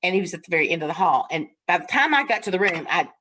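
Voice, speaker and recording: A woman's voice: fairly low pitch, very animated, very fast, bright, forceful tone, a little hiss or hum. An older woman teaching a nursing class, frank and folksy, laughing often as she tells stories from the ward. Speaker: nursing instructor. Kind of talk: classroom lecture with storytelling.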